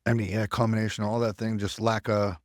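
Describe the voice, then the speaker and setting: Quick and level-toned, this lowish-voiced U.S. army veteran speaks as a podcast guest, profane and blunt, mimicking the people he quotes as he recounts his story. Clean studio sound, no room noise.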